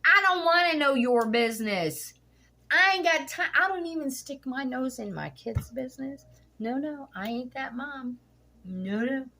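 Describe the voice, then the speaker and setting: A woman's voice: sits high, expressive, a little slow, pushed and bright. A middle-aged woman vlogging casually at home while cooking, telling a story bluntly and indignantly, swearing freely.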